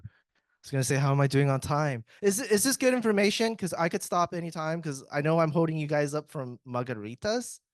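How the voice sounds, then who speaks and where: A man's voice: on the high side, expressive, a little fast, dry recording. Chatty joking man giving a tech talk. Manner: joking, chatty, self-interrupting with restarts. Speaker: IT speaker at a tech summit. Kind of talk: casual conference presentation.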